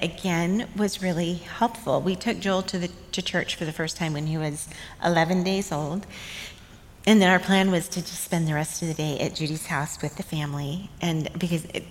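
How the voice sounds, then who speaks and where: A middle-aged woman telling motherhood memories in a tender, reflective way, often laughing softly. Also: fairly low pitch, slight background noise. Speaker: guest sharing motherhood memories. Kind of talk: casual storytelling chat. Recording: long room reverb, faint ambience.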